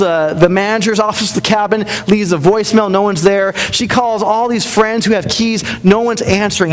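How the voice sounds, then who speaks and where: A man preaching a sermon, telling a story and often dropping to a soft, gentle voice for quiet lines. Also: high-pitched. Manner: storytelling, drops softer for tender quoted lines. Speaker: pastor.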